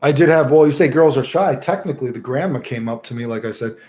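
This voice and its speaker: Here the young streamer's voice sits at medium pitch as he talks quickly, with background noise behind him. His chat stays casual and rambling, thick with swearing and filler words as he wanders through stories.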